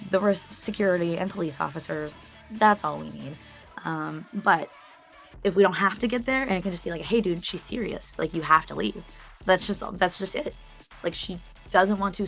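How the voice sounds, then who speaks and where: Woman telling a story real casual, gravelly voice, lots of likes and ums. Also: fairly low pitch. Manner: chatty, animated retelling with many fillers.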